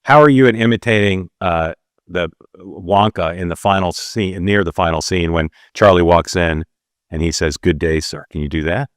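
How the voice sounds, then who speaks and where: A man hosting an interview show, asking questions in a casual, halting way with frequent restarts. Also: sits low, dry recording, studio quality. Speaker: host.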